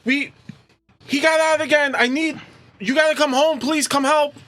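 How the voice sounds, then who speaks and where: A man's voice: very high voice, fairly even intonation, normal speed, bright, forceful tone, pitched above the performer's own voice. A man doing a frantic, pleading teenage girl. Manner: pleading, panicked. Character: frantic teenage girl begging her father.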